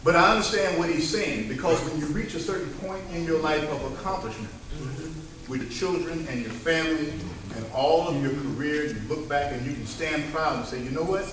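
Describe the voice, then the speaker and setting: Speaking at his father's funeral service in a church, this man tells emotional stories and calls out "Amen" to those gathered. His pitch is on the high side with a fairly bright tone and a fairly quick pace. The recording is echoey and distant, with slight background noise.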